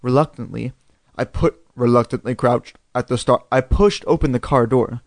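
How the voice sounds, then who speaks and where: A man's voice: mid-range voice, moderate pace, creaky, no room sound, clean studio sound. Man reading a spooky storybook aloud. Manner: expressive, dramatic reading. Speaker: reader.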